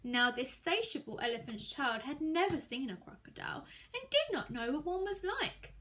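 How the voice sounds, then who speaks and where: A woman's voice: high-pitched, sing-song, moderate pace, pushed and bright, a little hiss or hum. A woman reading a children's story aloud at storytime, expressively, and stopping to explain words for young listeners. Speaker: storytime reader.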